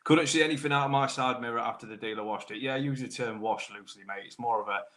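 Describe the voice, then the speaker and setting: Bright-voiced British mechanic chatting to viewers. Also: male voice, medium pitch, fast. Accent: British English. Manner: chatty, matey banter, greets viewers by name. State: throat trouble, clearing throat. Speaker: host of live Q&A stream. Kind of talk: casual live-stream chat reading comments.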